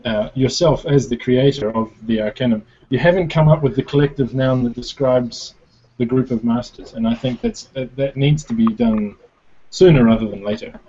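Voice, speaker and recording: A man's voice: medium pitch, normal speed, warm tone, breathy edge, highs cut off. A man co-hosting an online show, announcing results in an upbeat, casual way. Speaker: co-host. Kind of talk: casual video call chat.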